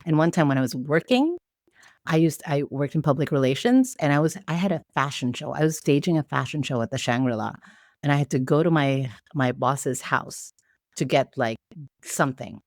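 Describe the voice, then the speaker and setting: A woman from the Philippines, a podcast guest, telling stories in a lively, casual way. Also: sits low, normal speed, dry recording, clean studio sound. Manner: lively storyteller who acts out quoted voices. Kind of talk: casual storytelling chat.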